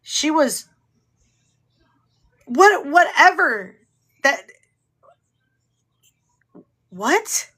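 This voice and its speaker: A woman's voice: high voice, big pitch swings, very slow, long pauses, bright, forceful tone. Indignant woman hosting a live stream.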